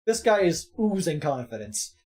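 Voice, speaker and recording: A woman's voice: deep voice, sing-song, moderate pace, a little mellow, slight background noise. Phoenix Wright, a woman reading as a rookie lawyer. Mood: narrating. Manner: reading narration aloud, jokey asides. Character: nervous rookie male defense lawyer.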